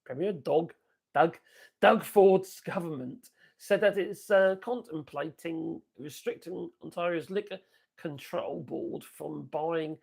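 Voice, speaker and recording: A man's voice: fairly high pitch, slow, vocal fry, a little mellow, husky. An older man, hosting a casual political commentary livestream and rambling chattily with asides. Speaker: livestream host.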